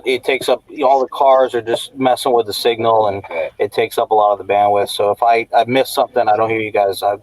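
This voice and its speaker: A man's voice: medium pitch, rough recording. A man joining a live stream as a guest, apologetic and hesitant, with many fillers. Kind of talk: casual live-stream chat. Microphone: laptop over a slow hotspot.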